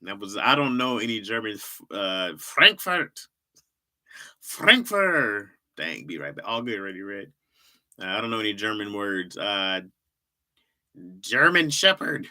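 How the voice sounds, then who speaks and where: A man's voice: lowish voice, moderate pace, bright, forceful tone. A middle-aged man hosting a livestream, chatting casually in a rambling, repetitive way and laughing often. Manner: rambling, repeats himself, laughs often, reacts to chat. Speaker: livestream host. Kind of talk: casual stand-up style chat.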